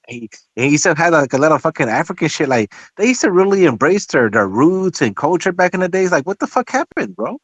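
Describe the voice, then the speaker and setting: A man co-hosts a podcast, telling loose stories packed with swearing. His voice sits a little high and sounds dry and close. He talks in an easy, casual way. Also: very animated, brisk, hardly any pauses, dry recording, low-quality recording. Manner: loose, profane storytelling. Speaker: podcast co-host. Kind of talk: casual chat.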